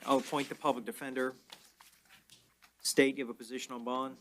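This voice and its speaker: A man presiding as judge in a courtroom, explaining orders in a measured, plain way. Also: mid-range voice, little pitch movement, fairly bright tone, a little hiss or hum. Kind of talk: courtroom proceedings.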